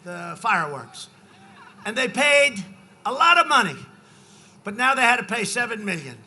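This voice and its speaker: A politician giving a campaign rally speech, rambling and repetitive and often rising to shouts. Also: male voice, sits high, sing-song, moderate pace. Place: large outdoor rally.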